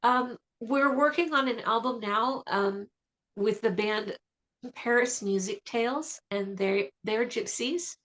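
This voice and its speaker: A woman vocalist talking as a guest in a radio interview, chatty and enthusiastic with quick asides. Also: a little high, a bit bright.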